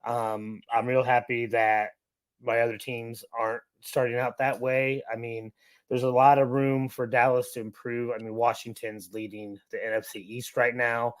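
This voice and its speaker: A man on a sports podcast panel, laying out his views in a measured, explanatory way. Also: mid-range voice, flat delivery, no room sound. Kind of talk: casual sports chat.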